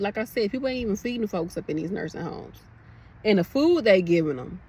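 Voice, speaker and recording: A woman's voice: mid-range voice, animated, fairly quick, darkish tone, slightly rough. A young woman nurse from the American South ranting emotionally to her viewers, passionate and preachy, calling them y'all. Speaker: nurse vlogger. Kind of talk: emotional casual rant to camera.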